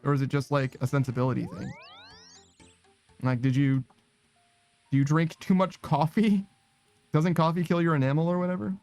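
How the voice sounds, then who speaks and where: A man's voice: fairly high pitch, steady tone, moderate pace, pauses often, a little mellow, soft background music. A man chatting casually while streaming a game, rambling, swearing and laughing at himself. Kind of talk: casual chat while gaming.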